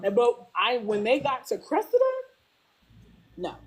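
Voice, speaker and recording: A woman talking casually as a guest, animated, acting out characters' lines and saying "like" constantly. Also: measured pace. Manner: animated, acts out characters' lines with big pitch jumps; peppers speech with "like". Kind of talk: casual fan discussion.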